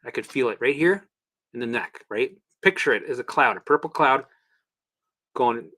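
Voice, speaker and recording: A man hosting a casual livestream, coaching viewers through exercises in an animated, chatty way with the odd swear word. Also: medium pitch, normal speed, pauses often. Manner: guides listeners through exercises. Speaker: host and recovery coach.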